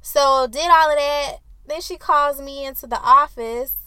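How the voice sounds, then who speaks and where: A woman hosting a solo podcast, telling a story in a heated, profane way and acting out arguments loudly. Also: sits high, measured pace, no room sound. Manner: acts out quoted arguments loudly. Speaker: podcast host.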